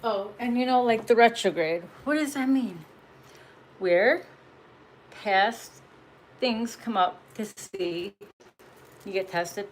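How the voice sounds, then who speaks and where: A woman's voice: on the high side, slow, pauses often, a little hiss or hum, poor audio. A woman giving a casual spiritual message as a tarot reader, blunt and profane, laughing often and pressing her points with emphasis.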